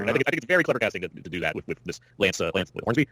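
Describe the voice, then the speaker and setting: A man co-hosting a podcast in casual chat, joking and animated, with lots of "like" in his talk. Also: fairly low pitch, very fast, few pauses, no room sound. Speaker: podcast co-host.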